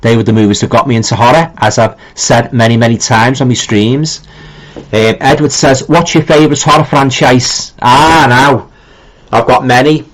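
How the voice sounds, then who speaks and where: A man's voice: medium pitch, steady tone, moderate pace, rough recording. A middle-aged man with a Liverpool accent chats easily through a live stream, reading viewer comments aloud. His talk rambles in an informal way, full of ums, repeated starts and colloquial turns of phrase. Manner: rambling and chatty, with many ums and repeated restarts.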